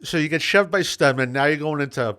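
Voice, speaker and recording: Podcast host guy, a little high, kinda far from the mic, jumps in with questions. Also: fast talker, fairly bright tone, clear, resonant tone. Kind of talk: casual chat.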